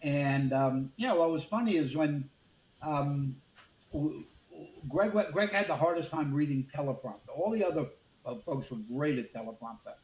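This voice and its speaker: This older man from Brooklyn, USA, is a media executive sharing anecdotes in an interview, performing the dialogue with animated flair. His voice is fairly high in pitch at a normal speed, captured with roomy echo and faint background noise.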